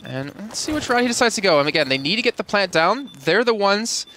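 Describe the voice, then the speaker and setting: A man's voice: sits high, lively intonation, quick pace, sharp tone, a little hiss or hum. A man giving chatty, analytical color commentary on a live esports match.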